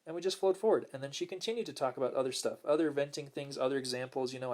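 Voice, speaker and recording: A man hosting a casual spiritual talk, speaking gently and smoothly, repeating words for emphasis and reading viewer comments aloud. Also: expressive, fast. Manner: acts out quoted lines in a higher voice. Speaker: host.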